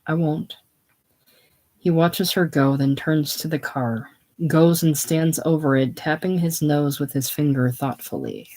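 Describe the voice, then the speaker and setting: A reader calmly reading stage directions aloud in a casual play reading. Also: medium pitch, a little slow, low-quality recording.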